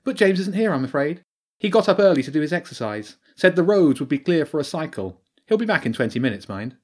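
A man's voice: a little high, sing-song, fast, darkish tone, voice pushed up. A man doing a chatty, friendly mum. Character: friendly middle-aged mum on the phone.

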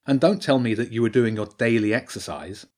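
A man's voice: mid-range voice, brisk, darkish tone, natural voice. A man voicing an earnest, anxious young teenage girl in an audiobook, with a pleading, urgent manner.

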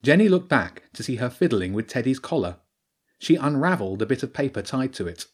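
A man narrating an audiobook in a calm, even storytelling manner. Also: medium pitch, fairly quick, husky.

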